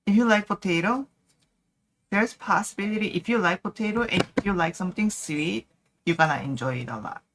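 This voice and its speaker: A woman joining a livestream as a guest, soft-spoken and giving short casual replies. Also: mid-range voice, brisk, a little hiss or hum. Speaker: guest on a stream. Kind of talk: casual chat.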